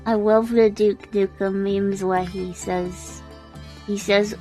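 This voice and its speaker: A woman's voice: medium pitch, flat delivery, slow pace, mellow, faint music behind, low-quality recording. A British woman streaming a game live, chatting casually with frequent giggles and rambling restarts. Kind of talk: casual live-stream chat while gaming.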